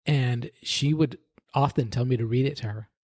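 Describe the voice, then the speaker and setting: A man's voice: medium pitch, moderate pace, darkish tone, no echo, studio quality. A man, a podcast guest, earnestly tells his personal faith story in conversation, often restarting sentences and adding "right?".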